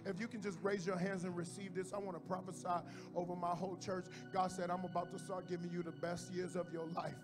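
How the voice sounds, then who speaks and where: A male pastor preaching in church, moving from hushed tones to shouts and repeating phrases for emphasis. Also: a little high. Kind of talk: sermon. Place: church sanctuary with congregation. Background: music playing under the preaching.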